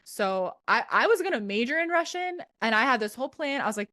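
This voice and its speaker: A woman's voice: a little high, fast talker, no room sound. Chatty woman podcast host, dry sound. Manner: chatty storyteller, animated quoting, giggly. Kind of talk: casual chat.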